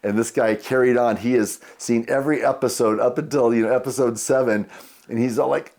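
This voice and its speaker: A man's voice: mid-range voice, fairly even intonation, a little fast, a little mellow. A man in his sixties, a guest on a podcast, telling rambling anecdotes full of fillers. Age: 60s. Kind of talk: casual storytelling.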